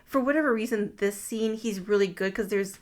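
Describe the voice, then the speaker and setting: In a brisk, mid-range voice, a podcast co-host walks through a movie's story. Her casual recap comes with crude, wry commentary along the way.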